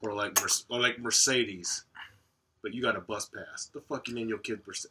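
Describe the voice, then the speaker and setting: A man co-hosting a podcast in casual chat, profane and animated, laughing often. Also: lowish voice, moderate pace, noisy background. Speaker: podcast co-host.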